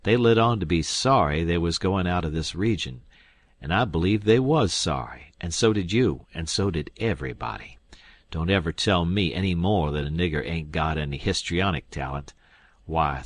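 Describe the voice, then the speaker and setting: A man voicing a sly middle-aged male swindler in an audiobook, talking in a slow, sardonic drawl. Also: sits low, animated, no echo. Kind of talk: audiobook character voice.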